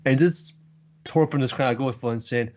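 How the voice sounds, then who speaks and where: A man's voice: mid-range voice, moderate pace, a little mellow, highs cut off. A man co-hosting a casual podcast, rambling and swearing as he acts out characters' lines with animation. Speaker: podcast co-host. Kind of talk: casual chat.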